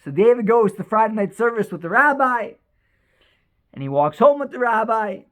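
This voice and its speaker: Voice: mid-range voice, a bit bright. Emotive storyteller telling a faith tale. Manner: emotive, repeats words, many restarts. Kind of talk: inspirational religious storytelling.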